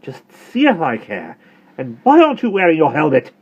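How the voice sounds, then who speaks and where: A man's voice: a little high, huge pitch swings, normal speed, husky, voice pushed up, full character voice. A man voicing a stern, exasperated mother. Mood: scolding. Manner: sharp, scolding through clenched teeth. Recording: phone-like narrow sound.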